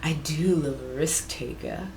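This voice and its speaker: A woman voicing a flirtatious female AI companion bot in a low, sultry, soft and slow voice, in an echoey room. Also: slight background noise. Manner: slow, soft, seductive delivery.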